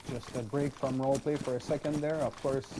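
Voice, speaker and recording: A man stepping out of his game role-play to talk to viewers in an earnest, slightly halting way. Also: mid-range voice, fairly even intonation, background noise. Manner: earnest, apologetic, a little halting. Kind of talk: casual aside to viewers.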